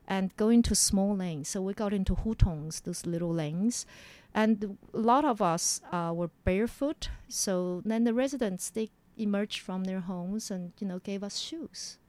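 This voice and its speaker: A woman's voice: medium pitch, a little slow, dry recording. A woman, recounting her past as an interview guest and acting out voices as she goes. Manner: animated, acts out quotes in a raised voice. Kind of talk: personal storytelling in an interview.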